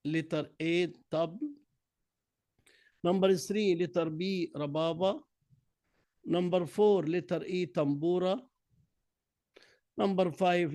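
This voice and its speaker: A man's voice: on the high side, warm tone, no echo. A man who is a native Arabic speaker with an Egyptian accent, teaching an English workbook lesson and reading answers out one word at a time. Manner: slow, drilling answers word by word.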